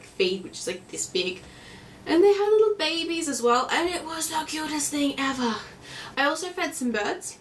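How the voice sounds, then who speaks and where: A woman's voice: on the high side, a bit bright, recorded from a distance. A teenage Australian girl in her bedroom, chatting in a rambling, bubbly way and acting out her stories. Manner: bubbly, rambling, acts out stories with silly voices. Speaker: vlogger. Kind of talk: casual vlog chat.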